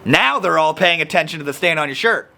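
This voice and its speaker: A man's voice: a little high, brisk, gravelly, slight background noise. A young man talking casually to camera, explaining social anxiety and acting out the people he quotes. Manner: animated, acts out quoted people. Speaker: self-help video host.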